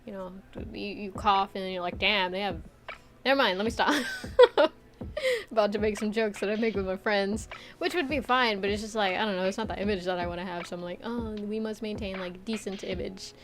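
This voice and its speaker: A woman's voice: medium pitch, a little fast, fairly bright tone. A young woman streamer chatting casually with viewers, rambling with lots of filler words, swearing and laughing often. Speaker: VTuber streamer. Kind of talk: casual chat reading viewer comments.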